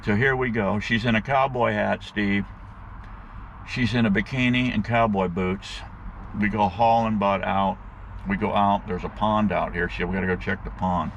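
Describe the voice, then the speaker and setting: A man telling a rambling, folksy story to his viewers in a casual, animated way, with plenty of slang, and he calls them guys. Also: on the low side, normal speed, creaky, muffled recording, slight background noise. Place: outdoors.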